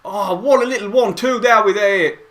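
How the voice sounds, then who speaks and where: A man giving excitable, rambling play-by-play of a match from home, as host of a fan watch-along. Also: sits high, brisk. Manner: excitable, rambling fan commentary with mild swearing. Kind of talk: casual live play-by-play commentary. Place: at home, not at the stadium.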